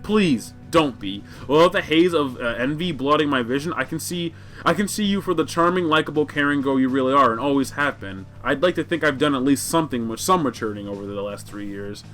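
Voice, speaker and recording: A man's voice: medium pitch, a bit bright, faint music behind, natural voice. Man reading as a wordy, wry teen girl. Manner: measured, wordy, self-deprecating. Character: wry, sardonic teenage girl.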